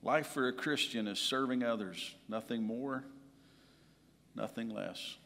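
A male pastor mid-sermon in a big church, his mid-range voice ringing with a long hall echo. He tells stories and swings between raised, emphatic lines and quiet, almost whispered asides. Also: mid-range voice, measured pace, gravelly. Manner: storytelling, swings from loud to hushed.

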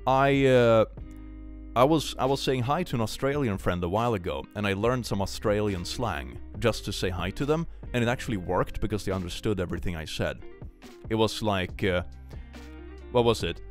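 A man's voice: lowish voice, normal speed, faint music behind. A young man from Sweden, chatting casually on a livestream, reading out viewer messages and thanking supporters. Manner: animated, thanks viewers and reads chat aloud.

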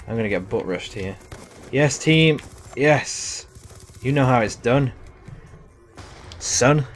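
A young man giving casual, rambling live commentary over a shooter game, chatty and self-deprecating. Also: lowish voice. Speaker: gaming commentator.

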